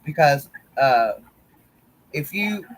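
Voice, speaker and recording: A man's voice: on the high side, animated, drawn-out words, poor audio. A man telling rambling, teasing stories in a casual group chat. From West Virginia. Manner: rambling storyteller, folksy, teasing. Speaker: crochet group admin.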